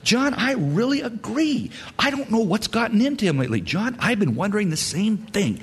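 A man's voice: high voice, sing-song, moderate pace, breathy edge, pitched above the performer's own voice, exaggerated voice. A preacher putting on his own smug inner voice. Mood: smug agreement. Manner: mock-serious, self-congratulating back-and-forth. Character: man's smug inner voice agreeing with himself.

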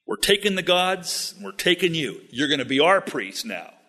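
A man voicing a band of pushy, swaggering ancient warriors who make a brash, wheeling-dealing sales pitch. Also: sing-song, moderate pace, sharp tone, big-room sound, heavily acted.

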